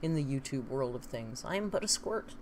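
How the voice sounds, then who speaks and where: A woman's voice: a bass voice, expressive, brisk, noisy background. A woman chatting casually on a live stream, reading viewer comments aloud and laughing often.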